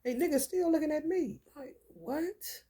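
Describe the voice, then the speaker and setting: A woman's voice: high-pitched, animated, a little slow, mellow. A woman venting in a casual monologue, telling a story bluntly and profanely with lots of rhetorical questions. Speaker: vlogger.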